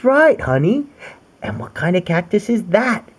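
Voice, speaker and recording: Reading a picture book to his little girl, this man keeps things playful and sing-song, dropping in animal sounds and asking her questions along the way. His high voice has a sing-song lilt, a normal speed, and a slightly mellow quality.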